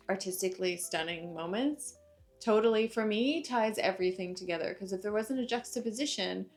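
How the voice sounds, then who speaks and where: A young woman casually recapping an anime episode, chatty and full of fillers like "like" and "uh". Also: medium pitch. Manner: chatty, uses many fillers like "like" and "uh". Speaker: anime reviewer.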